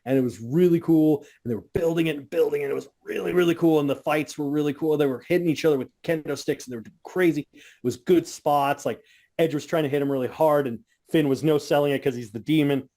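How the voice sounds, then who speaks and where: Excitable man swearing through a story. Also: on the high side, fast. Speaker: podcast co-host. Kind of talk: casual chat.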